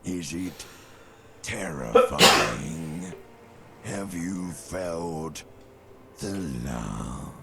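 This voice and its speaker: A man voicing an ancient, seductive voice from deep in the mind, slow and taunting, with a gravelly drawl. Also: lively intonation, sharp tone, a little hiss or hum, heavily acted.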